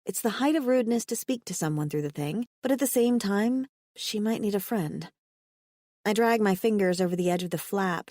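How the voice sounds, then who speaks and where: A woman narrating a romance audiobook in first person, expressive, lifting her voice for the heroine's dialogue. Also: medium pitch, dry recording, studio quality.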